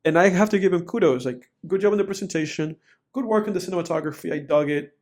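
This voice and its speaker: A man with a fairly high voice co-hosts a casual film podcast. He rambles in an animated way, leaning on fillers as he works through his points. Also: quick pace. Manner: rambling, animated, frequent fillers like "you know". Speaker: podcast co-host. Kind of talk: casual film review chat.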